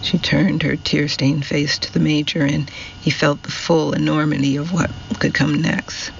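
A man narrating a novel in a measured storytelling manner. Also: on the high side, flat delivery, gravelly, fairly bright tone, dull audio, a little hiss or hum. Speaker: audiobook narrator. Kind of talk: scripted narration.

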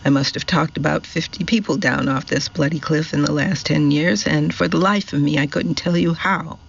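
A man voicing Brian, a cheerful middle-aged male volunteer who talks in a casual, unhurried, matter-of-fact way. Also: fairly high pitch, steady tone, gravelly, fairly bright tone, muffled recording, slight background noise. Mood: easygoing.

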